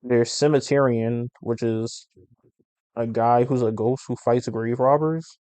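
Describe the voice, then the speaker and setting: A man hosting a podcast, chatting casually and profanely in slangy, animated rants. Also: mid-range voice, unhurried, no echo. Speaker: podcast host. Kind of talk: casual comic book review podcast.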